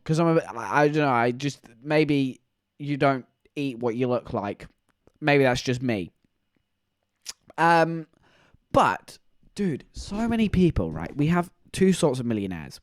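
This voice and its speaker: A man's voice: medium pitch, dry recording, clean studio sound. A man, streaming live and chatting in a rambling, joking way. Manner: rambling, joking, animated storytelling. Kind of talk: casual live-stream chat.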